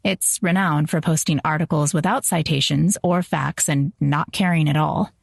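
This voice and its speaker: First-person romance audiobook narrator, woman, wry delivery, gravelly texture, dry booth sound. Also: low voice, steady tone, normal speed, no room sound.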